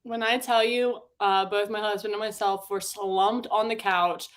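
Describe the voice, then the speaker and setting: A young woman in her twenties hosts a loose sports betting chat, candid and quick to swear. Her voice sits at an ordinary middle pitch, and she talks in a chatty, unfiltered way. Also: fairly even intonation. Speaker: sports betting show host.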